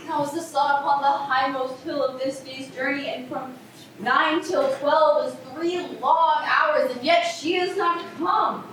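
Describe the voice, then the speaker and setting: A woman's voice: high-pitched, measured pace, noisy background. A young woman playing an impatient lovestruck girl. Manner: eager, pleading. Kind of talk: stage play performance. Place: theater stage. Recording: echoey hall from far off, faint ambience.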